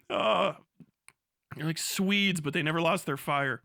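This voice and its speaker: A man's voice: on the high side, measured pace, creaky, long pauses, sharp tone, no room sound, clean studio sound. A young man ranting casually and profanely to a live chat, laughing often and jumping from topic to topic. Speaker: livestreamer.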